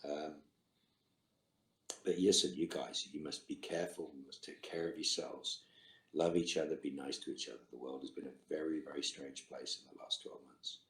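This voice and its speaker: A man's voice: a bass voice, fairly even intonation, moderate pace, a bit bright. A middle-aged man, an actor on a virtual fan Q&A, reading out fan questions and answering with dry, terse quips over a video call. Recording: roomy echo.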